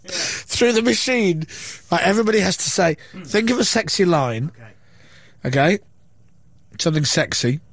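A man's voice: sits high, animated, moderate pace, pauses often, fairly bright tone. A man hosting a radio show, teasing and bossing his co-hosts in casual banter from a studio. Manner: teasing, bossy. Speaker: radio host.

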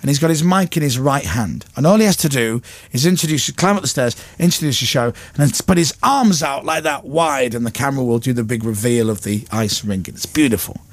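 A man's voice: medium pitch, animated, brisk, hardly any pauses, dry recording. A man with a Leeds accent hosting a radio show, telling stories and mimicking crowds and presenters. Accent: Northern English, Leeds. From Leeds, England. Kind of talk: casual radio chat.

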